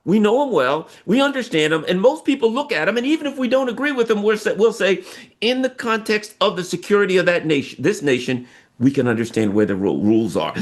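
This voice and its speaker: This is a man from the United States in a casual political discussion. His voice sits somewhat high and ranges widely as he stresses his points. He acts out quoted speech as he goes. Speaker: political commentator guest.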